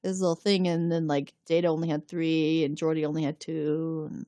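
Speaking at normal speed in a low voice with no echo, this woman co-hosts a podcast and gives a relaxed recap of a TV episode. She's animated, performing the characters' dialogue and breaking into laughs.

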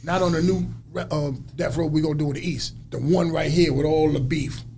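Animated man telling a story. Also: fairly high pitch, brisk, gravelly, slight background noise. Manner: animated storyteller acting out quotes. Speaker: guest. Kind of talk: storytelling interview.

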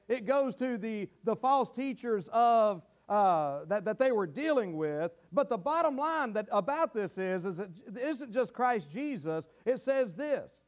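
Man, preacher, very high pitch, earnest sermon, repeats words while teaching.

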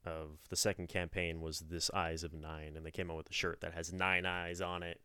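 Low smooth voiced dude rambling on a podcast, dry close mic. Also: male voice, level tone, normal speed, sharp tone, no echo. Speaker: podcast co-host. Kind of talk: casual chat.

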